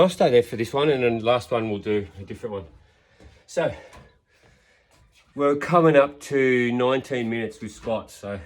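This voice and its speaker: Doing leg exercises in an indoor home workout space, a fitness vlogger in his fifties talks casually in a medium-pitched voice. He encourages his audience and calls out his reps as he exerts himself.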